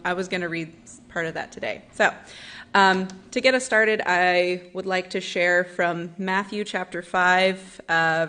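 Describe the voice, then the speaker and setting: Young woman in a church service, low-leaning voice, sincere and conversational while sharing a testimony. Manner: earnest, gently conversational. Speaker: church member giving a talk. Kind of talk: personal testimony and scripture reading at a church service.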